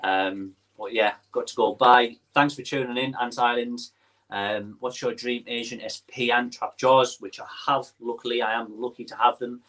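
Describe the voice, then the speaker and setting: A man's voice: medium pitch, fairly even intonation, normal speed, fairly bright tone. A young man with a Teesside accent, hosting a casual livestream and chatting while he reads viewer comments aloud, with lots of ums and restarts. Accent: Teesside English. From northeast England. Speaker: livestream host.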